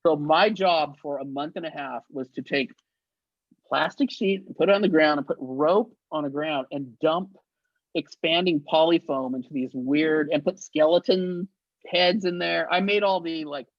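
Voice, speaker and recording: A man telling show-business stories as an interview guest, in a lively way, acting out the voices he quotes. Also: a little high, moderate pace, no echo. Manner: animated anecdotes, acts out quoted voices, laughs often. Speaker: guest, actor and effects artist. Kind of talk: casual storytelling interview. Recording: dull, lo-fi sound.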